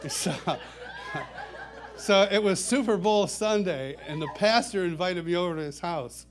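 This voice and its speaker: A middle-aged man, a worship songwriter, telling personal stories to a church audience in a warm, chuckling, self-deprecating way. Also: high-pitched, a little slow. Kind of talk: anecdotal storytelling talk.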